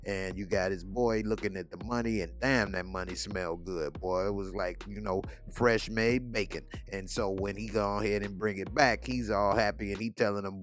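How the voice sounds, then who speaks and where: A man's voice: on the low side, fairly even intonation, moderate pace, hardly any pauses. A man hosting a TV review, casually retelling an episode in a loose, slangy storytelling manner. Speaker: TV review host.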